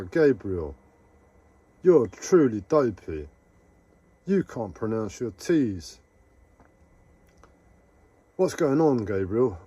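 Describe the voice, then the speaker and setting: A man live streaming a rambling, casual monologue to his viewers, halting often and talking to himself. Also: medium pitch, warm tone, slightly rough. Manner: meandering, halting, talks to himself.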